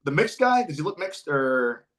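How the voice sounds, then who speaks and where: An American man hosting a podcast in a relaxed, hesitant way, with many uhs. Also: on the high side, moderate pace. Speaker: podcast host. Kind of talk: casual interview chat.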